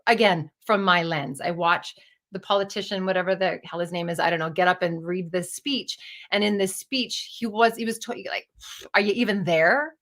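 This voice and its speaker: This is a woman in her fifties with a somewhat low voice, recounting a personal story. She speaks candidly and wanders off into digressions, dropping casual swear words along the way. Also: moderate pace, fairly bright tone. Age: 50s. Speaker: storyteller and playwright.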